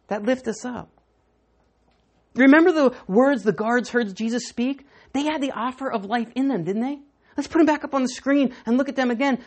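A woman pastor preaching a sermon, emphatic, often repeating words and swinging between loud and hushed. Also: fairly high pitch.

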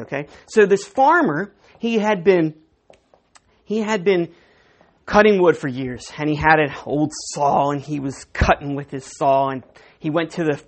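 A woman's voice: lowish voice, a little mellow. A middle-aged woman preaching a conversational sermon, with self-deprecating asides and stories.

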